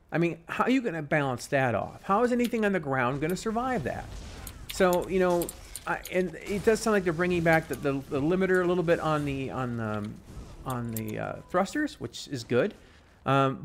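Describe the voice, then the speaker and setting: A man talks through a gaming session in a loose, rambling way, circling back and restarting his sentences. His voice sits fairly high for a man. He gets animated when he complains. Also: slight background noise. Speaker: gaming podcast host. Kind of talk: casual gaming chat while playing.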